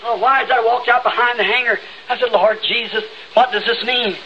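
A man with a Southern accent preaching an old-time revival sermon, fervent and breaking into sudden shouts, recorded in a church. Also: very high-pitched, fairly even intonation, a little fast. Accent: Southern United States. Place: church sanctuary. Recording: dull lo-fi 1960s tape with faint hiss.

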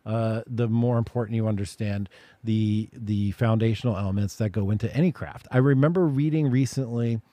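Host with a dry, close sound. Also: male voice, fairly low pitch, normal speed, mellow, dry recording. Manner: reflective, talks through ideas at length. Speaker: podcast host. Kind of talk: conversational interview.

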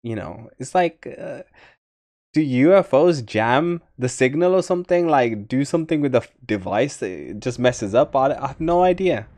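A man's voice: medium pitch, moderate pace. A man hosting a reaction video, exclaiming and rambling in casual commentary. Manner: excitable, rambling, exclaims often.

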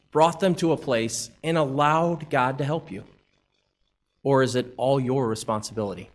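A man preaching a sermon in church, pressing his listeners with question after question. His voice sits at an ordinary middle pitch, and he moves between scripture readings and direct appeals. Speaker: pastor.

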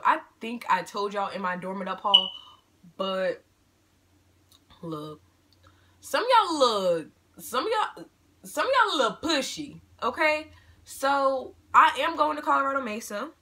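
A woman's voice: on the high side, sing-song, unhurried, pauses often, sharp tone. Chatty eighteen-year-old woman vlogging. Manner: bubbly, talkative, playful self-teasing, addresses viewers as y'all. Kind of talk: casual chatty Q&A vlog. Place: at home.

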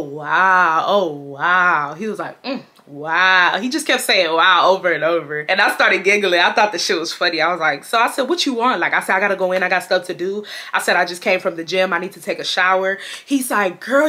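A woman in her twenties from Houston, telling a personal story to her viewers in a blunt, animated way and acting out what each person said. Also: mid-range voice. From Houston, Texas. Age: 20s. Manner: blunt, animated, talks straight to viewers, acts out quotes. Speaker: storytime vlogger.

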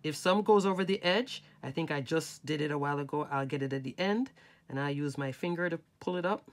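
A woman with a low voice and a slightly quick pace hosts a craft tutorial. She chats casually and explains each step as she works with her hands.

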